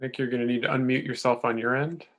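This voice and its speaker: A man moderating a council meeting, briskly calling the next speakers. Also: mid-range voice, fairly even intonation. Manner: brisk, routine. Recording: faint background noise.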